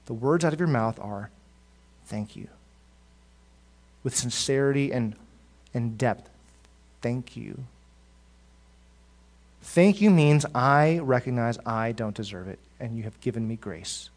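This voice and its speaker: A male pastor preaching a sermon, rising to loud emphatic peaks and dropping to soft, low asides, often repeating words as he goes. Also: normal speed.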